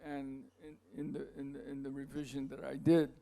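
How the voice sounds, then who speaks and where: A man giving a masterclass, telling a long anecdote in a rambling, halting way, with asides to the audience. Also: mid-range voice, completely flat delivery, creaky, dark tone. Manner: halting, many restarts and fillers. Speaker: masterclass speaker.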